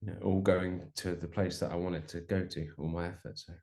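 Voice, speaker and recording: A young man talks casually as an interview guest, restarting and padding his sentences with fillers. His voice sits a little low. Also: little pitch movement, a little fast, a little mellow. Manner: chatty, rambling with many restarts and fillers. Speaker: musician guest.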